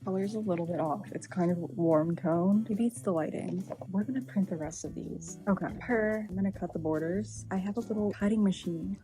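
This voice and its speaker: A young woman in casual vlog chat, chatty and quick to get excited or exasperated. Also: mid-range voice, over music. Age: young adult. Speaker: vlogger.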